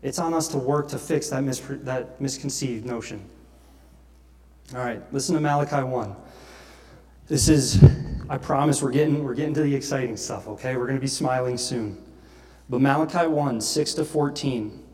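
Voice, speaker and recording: A man's voice: mid-range voice, normal speed, a little mellow. A pastor preaching a sermon, reading scripture aloud and growing impassioned as he confesses his own failings. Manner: earnest, grows impassioned, reads scripture aloud.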